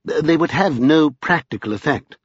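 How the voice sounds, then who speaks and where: A man's voice: fairly high pitch, lively intonation, moderate pace, slightly rough, no echo, pitched above the performer's own voice. A man voicing a fussy, timid older male magician who speaks hesitantly and stammers a little. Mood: nervous. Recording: slightly dull lo-fi.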